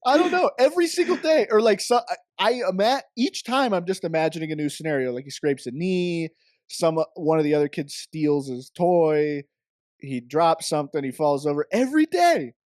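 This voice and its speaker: A laid-back man co-hosting a casual movie commentary podcast, who tells stories with animated bursts. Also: on the high side, normal speed, no room sound, studio quality. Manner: laid-back, says "dude" a lot, animated when telling stories. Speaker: podcast co-host. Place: home office.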